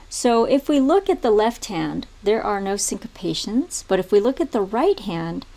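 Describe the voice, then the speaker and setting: A woman teaching music theory in a video tutorial, explaining step by step in a calm way and now and then singing rhythms aloud. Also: mid-range voice, vocal fry.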